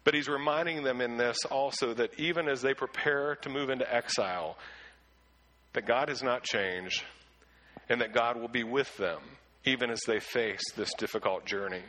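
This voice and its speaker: A man preaching a sermon with earnest emphasis, who often repeats words as he starts a sentence and slows down to read scripture aloud. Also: medium pitch, pushed and bright, rough recording. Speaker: pastor.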